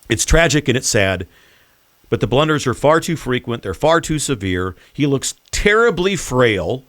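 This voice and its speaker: Man, political talk host, emphatic, deliberate, mid-pitched voice, dry recording. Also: sing-song, a bit bright, no echo. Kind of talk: political commentary monologue.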